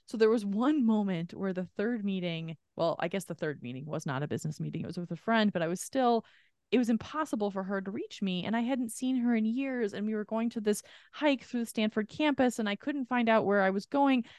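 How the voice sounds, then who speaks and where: On a podcast she co-hosts, a woman tells a story in casual chat, swearing freely and impersonating the people she quotes. Her medium-pitched, darkish voice runs a little fast, captured in clean studio sound with no echo.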